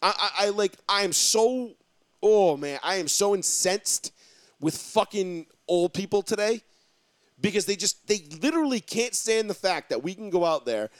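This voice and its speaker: A young man ranting loudly and crudely in a casual profane chat, mocking the people he complains about. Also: high-pitched, animated, moderate pace, clear, resonant tone, dry recording.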